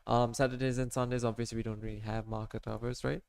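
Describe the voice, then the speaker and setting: A rambling, casual man explains his trades to viewers in a screen-share tutorial, leaning on "like" and "right?" as he shows his charts. His mid-range voice is level, quick, and a little mellow, with vocal fry and few pauses. The tone is clear and resonant, and the recording is dry.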